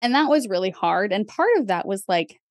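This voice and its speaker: A woman's voice: medium pitch, animated, a little fast, no room sound, clean studio sound. A young woman co-hosting a podcast, talking in a casual, chatty way with lots of fillers and small laughs. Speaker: podcast co-host. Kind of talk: casual chat.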